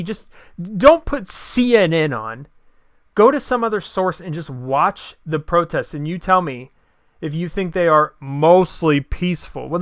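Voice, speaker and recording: Combative, sarcastic man, high bright voice. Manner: combative, sarcastic, rhetorical questions. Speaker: political commentator. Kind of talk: opinion monologue.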